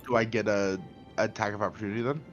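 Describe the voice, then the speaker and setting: A man's voice: fairly low pitch, fairly even intonation, fast, highs cut off, over music. A man playing a tabletop game, blunt and swearing, firing off rules questions. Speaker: player. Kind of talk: casual tabletop game chat.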